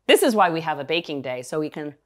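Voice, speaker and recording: Middle-aged woman baking host with a lowish voice, thoughtful and explanatory in casual chat. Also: sing-song, fast talker. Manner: warm, thoughtful, explains baking points at length. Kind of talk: casual chat over a video call.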